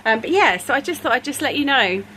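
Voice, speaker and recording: A woman's voice: sits high, animated, quick pace, sharp tone, slight background noise, poor audio. A woman chatting casually in a home craft vlog, rambling with ums and little laughs, a bit out of breath, filming on a handheld camera. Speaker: craft vlogger. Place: home craft room, indoors.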